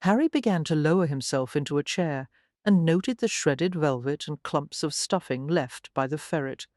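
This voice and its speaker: A woman reading a historical romance audiobook in smooth, even scripted narration. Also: low-pitched, normal speed, no echo, studio quality.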